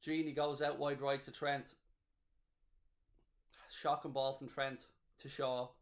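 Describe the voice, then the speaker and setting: A man's voice: mid-range voice, slow pace. A man hosting a live football watchalong, cheering, gloating and reading out viewer messages. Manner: excitable, cheering and gloating, reading chat aloud. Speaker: watchalong host. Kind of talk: live match watchalong commentary.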